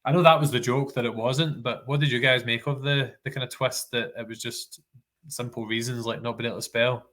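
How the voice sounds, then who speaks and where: A man's voice: medium pitch, fairly even intonation, brisk, a bit bright. A man with a Scottish accent, rambling and self-correcting as he chats casually about a film on a podcast. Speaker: podcast co-host.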